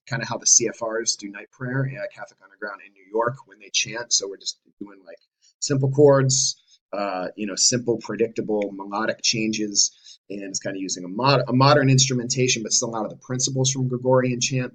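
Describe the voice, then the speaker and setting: A man's voice: medium pitch, a bit bright, poor audio. A man casually explaining how he leads chanted antiphons for a parish, with guitar in the background. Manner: talks loosely with fillers, breaks into chanting. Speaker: church music director. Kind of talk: casual explanation with sung examples. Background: guitar playing.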